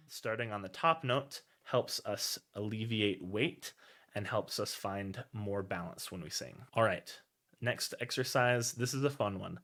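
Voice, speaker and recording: A male voice teacher explaining warm-up exercises clearly and step by step, between sung demonstrations. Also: lowish voice, normal speed, loud music behind the voice. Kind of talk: singing lesson instruction.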